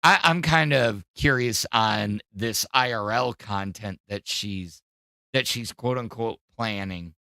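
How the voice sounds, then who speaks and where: A man's voice: lowish voice, slow pace, creaky, pushed and bright, no echo. A man hosting a podcast, giving rambling, hesitant casual commentary with many fillers on a close mic. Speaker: podcast host.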